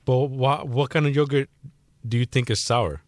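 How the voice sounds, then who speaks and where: A man's voice: mid-range voice, fairly even intonation, normal speed. Dry, argumentative male radio producer. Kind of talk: studio banter.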